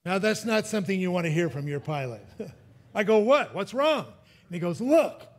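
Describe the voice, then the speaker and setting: A man's voice: high-pitched, expressive, fairly quick. A male pastor preaching a sermon and telling a personal story, chuckling at his own jokes and often restarting his sentences.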